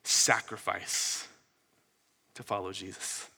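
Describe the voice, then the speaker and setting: A male pastor with a bright, forceful voice delivers a sermon, talking casually and putting rhetorical questions to the congregation. His voice rings out with a long reverb, as if filling a church sanctuary. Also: sits low, level tone, slow pace, vocal fry, breathy edge. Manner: conversational, asks the listeners rhetorical questions.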